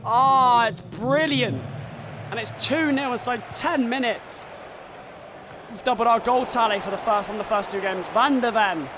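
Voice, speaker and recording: A man with a high voice narrates his football video game in the manner of a TV commentator, breaking into shouts when goals go in. His stream carries a steady hiss of background noise. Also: a little slow. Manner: bursts into shouted excitement at goals. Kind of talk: live gameplay commentary in broadcaster style.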